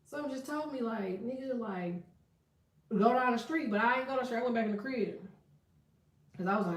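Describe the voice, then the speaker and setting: Talking a little high and fairly quickly, with long pauses, this woman is far from the mic in an echoey room. She reads tarot and astrology, and on her livestream she tells frank, profane stories and laughs a lot in casual chat.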